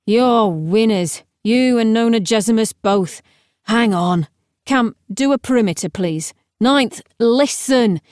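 A woman reading the part of a clever, impatient young male necromancer in an audiobook, talking in a brisk, lecturing way. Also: fairly high pitch, a little mellow, no room sound. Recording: dry, close studio sound.

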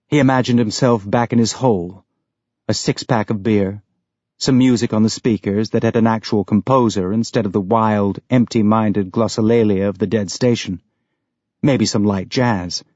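A man reading audiobook narration in a steady, even way, on a dry, dull lo-fi recording. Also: on the low side, normal speed, dry recording.

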